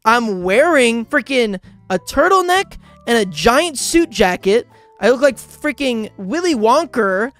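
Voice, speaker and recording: A young man, a YouTuber, excitedly telling a rambling story in a casual vlog, full of "like" and "bro". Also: very high-pitched, unhurried, soft background music. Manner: animated, rambling, frequent "like" and "bro".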